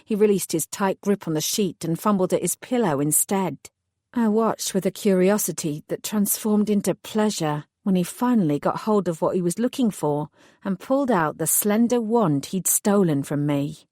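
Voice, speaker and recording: A woman's voice: mid-range voice, normal speed, mellow, no echo. Woman narrating an audiobook, dry sound. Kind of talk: first-person audiobook narration.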